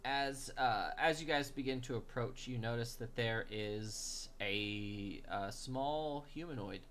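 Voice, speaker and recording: Male game master, bright tone, easygoing narration with ums, faint hiss. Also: medium pitch, takes it slowly. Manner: relaxed, filler-heavy narration.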